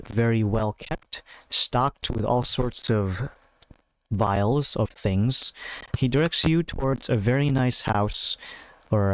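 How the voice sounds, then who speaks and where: As game master for a tabletop game, a man describes scenes unhurriedly, using lots of fillers. His voice is medium-pitched and smooth. The recording is dry and rough.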